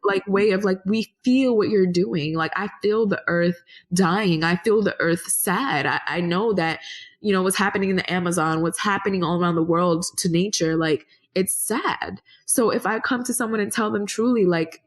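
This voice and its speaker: A woman's voice: mid-range voice, normal speed. A woman answering interview questions in an earnest, meandering way, restarting her sentences and rising in energy when she makes a point. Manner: rises animatedly when making a point. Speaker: podcast guest.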